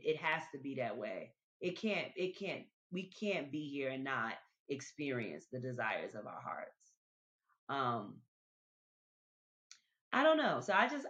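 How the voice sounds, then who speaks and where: A woman's voice: low voice, fairly bright tone. A woman hosting a podcast, talking to listeners in a casual, reflective monologue, often repeating her words as she goes. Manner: chatty, repeats words, addresses listeners directly. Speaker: podcast host. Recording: dull lo-fi recording.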